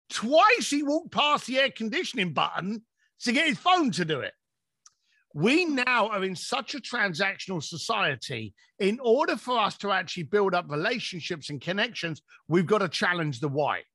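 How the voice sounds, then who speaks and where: A man's voice: high-pitched, sing-song, normal speed, sharp tone. A man, a business coach telling stories in a podcast conversation and acting out his clients' lines.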